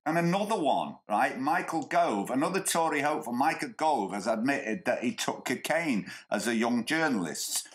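Male podcast host, sarcastic ranting commentary, average-pitched voice. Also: expressive, normal speed, hardly any pauses. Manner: sarcastic, mocking put-on voices when quoting. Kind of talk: sweary satirical commentary.

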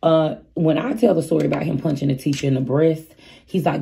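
Her deep, gravelly, mellow voice runs a little fast with fairly even intonation. The thirtysomething vlogger tells a casual storytime, open and talkative as she speaks right to her audience.

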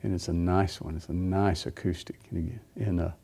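Low, mellow man telling a story. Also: steady tone, moderate pace, vocal fry, breathy edge. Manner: rambling storytelling, frequent fillers and restarts. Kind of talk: sermon testimony.

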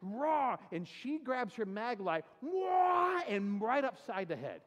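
Animated high-voiced pastor in a reverberant hall. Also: male voice, moderate pace, a little hiss or hum. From California. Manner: animated storyteller, acts out quotes, self-deprecating humor. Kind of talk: sermon with storytelling. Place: church sanctuary.

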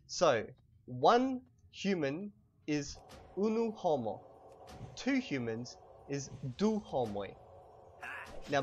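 A young man giving a casual language lesson while playing a video game, relaxed and chatty, slowly stressing words so they can be heard. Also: a little high, lo-fi sound, a little hiss or hum. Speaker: language teacher.

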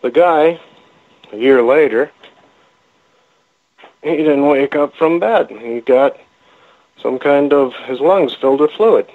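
Man telling a story over a phone line. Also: on the high side. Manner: rambling, halting, with many restarts. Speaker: guest, cryptid researcher. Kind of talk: casual storytelling interview. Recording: phone-line call-in audio.

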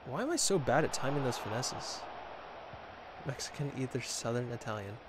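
The recording is very noisy. Over it, a man with a medium-pitched, highly animated voice keeps a moderate pace as he streams a game, mocking himself, joking sarcastically, and replying to chat in casual live commentary.

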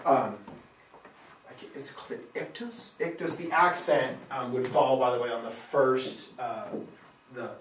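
A man's voice: medium pitch, steady tone, unhurried, fairly bright tone, a little hiss or hum. Male Latin teacher, patient questioner, roomy sound, mic set back. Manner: patient, asks questions and confirms answers. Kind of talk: classroom lesson, scanning verse aloud. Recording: echoey room, mic far off.

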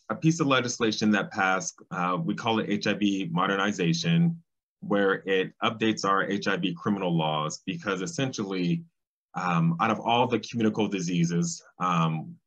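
A man, speaking as a guest in an interview, thoughtful and pausing often with ums. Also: deep voice, a bit bright. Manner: thoughtful, with frequent ums and restarts. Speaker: guest, civil rights state director. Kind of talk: casual interview conversation. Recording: slightly dull, lo-fi sound.

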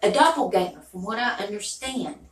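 A woman's voice: medium pitch, animated, normal speed, roomy sound, distant mic, poor audio. A woman beauty YouTuber rambling in a chatty, folksy way straight to her viewers. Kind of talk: rambling casual vlog chat.

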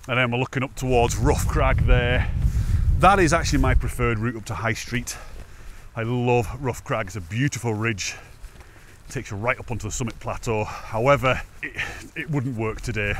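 A man's voice: mid-range voice, fairly bright tone, a little hiss or hum. A man chatting casually on a wet hillside walk, a bit out of breath, laughing often and poking fun at himself. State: slightly out of breath. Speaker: hiking vlogger. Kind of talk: casual walking vlog chat. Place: outdoors on a wet, windy mountain path.

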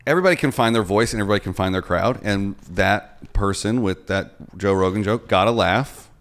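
A man hosting a podcast, chatting casually and throwing in quick agreeing remarks. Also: fairly low pitch. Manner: lively, quick agreeing interjections. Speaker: podcast host.

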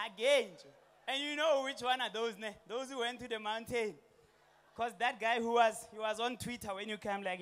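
South African stand-up, young man, very high pitch, animated delivery with slang and put-on voices. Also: normal speed. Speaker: stand-up comedian. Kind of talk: stand-up comedy set. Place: comedy stage before a live audience.

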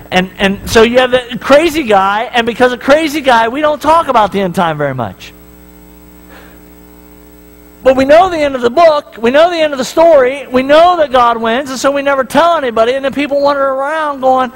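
A man with a notably high voice preaches to his congregation in a church. He keeps it casual, mixing stories and jokes with checks like "right?" to the crowd. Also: expressive, brisk, low-quality recording. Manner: casual, joking storytelling, often asking the crowd "right?". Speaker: pastor. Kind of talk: sermon.

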